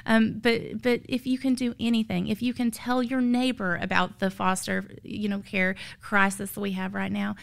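A woman's voice: mid-range voice, little pitch movement, moderate pace, gravelly, hardly any pauses. A woman, a tired foster mother sharing her story as an earnest, emotional testimony of faith that rises to emphatic peaks. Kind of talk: heartfelt testimony.

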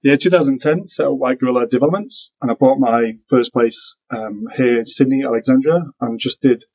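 A man from Manchester with a northern English accent speaks as a guest on a podcast. He sounds relaxed and works through points as a string of questions. His voice is husky, and the audio is dull and lo-fi. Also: mid-range voice, fairly quick. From Manchester, northern England. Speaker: guest, property developer. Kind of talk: casual interview chat.

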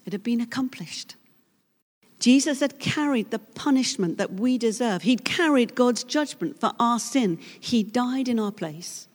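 A woman preaching a sermon in an earnest, dramatic way, moving between hushed and loud passages. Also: on the high side, expressive, unhurried, hardly any pauses. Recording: long hall reverb.

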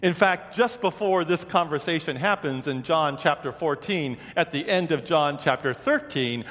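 A man's voice: fairly high pitch, animated, moderate pace, a bit bright, in a large hall. A man preaching a sermon, telling stories and acting out the voices of the people he quotes. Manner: storytelling, acts out quoted voices. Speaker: pastor.

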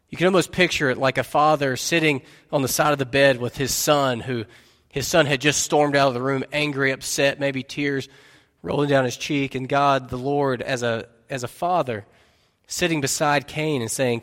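A man's voice: mid-range voice, fairly bright tone. A man preaching a sermon as pastor, earnestly putting questions to his listeners. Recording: long reverb of a large hall.

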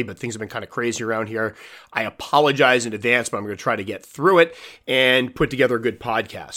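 A man's voice: medium pitch, a bit bright. A man with a stuffy, nasal voice from allergies, hosting a casual podcast monologue in a chatty, self-deprecating way with frequent restarts. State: stuffy, congested nose from allergies. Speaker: podcast host.

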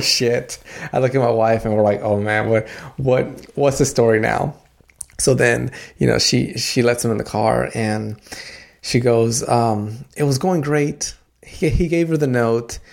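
A man in his thirties hosts a podcast in a casual storytelling way. He talks at a middle pitch with a gravelly edge. He keeps restarting and filling pauses as he goes. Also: a little mellow. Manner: chatty, many fillers and restarts, laughs at himself. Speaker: podcast host.

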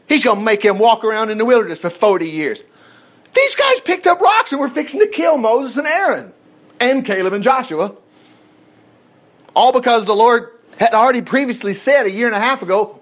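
Lively, animated male preacher. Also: sits high. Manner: animated, jokey, mocking asides between scripture readings. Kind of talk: sermon.

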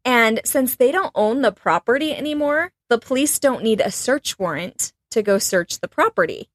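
A woman's voice: on the high side, animated, moderate pace, no echo, studio quality. A woman hosting a podcast, casually retelling a true-crime case with lots of "like" and trailing phrases.

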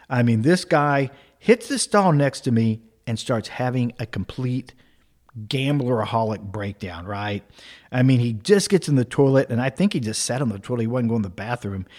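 A man telling a funny personal story in a casual, animated way, often checking in with the listener. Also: medium pitch. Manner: casual, animated, tag questions.

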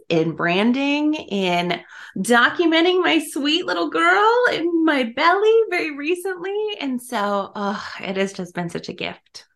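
A woman's voice: fairly high pitch, vocal fry, a bit bright. A woman being interviewed as a podcast guest. She talks in an effusive, casual way and laughs often.

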